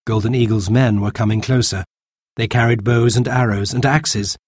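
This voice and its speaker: A man reading a children's storybook aloud in a slow, lively narration. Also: mid-range voice, slightly rough, dry recording, studio quality.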